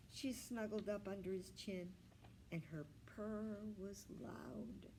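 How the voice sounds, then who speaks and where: Gentle woman reading a storybook aloud. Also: medium pitch, slow, slight background noise, rough recording. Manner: gentle, expressive. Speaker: children's librarian.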